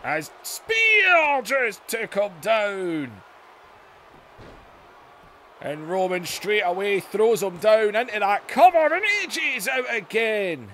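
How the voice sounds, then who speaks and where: A man hosting a gaming video, giving excited wrestling-style play-by-play that bursts into shouts. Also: high voice, slow pace, a little hiss or hum. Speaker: YouTube gaming host.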